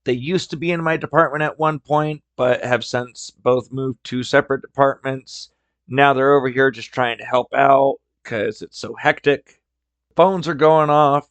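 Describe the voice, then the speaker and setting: A man's voice: medium pitch, fairly even intonation, measured pace, fairly bright tone, no echo. A man hosting a podcast, telling work stories in a casual, wry, conversational way. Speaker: podcast host. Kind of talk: casual storytelling.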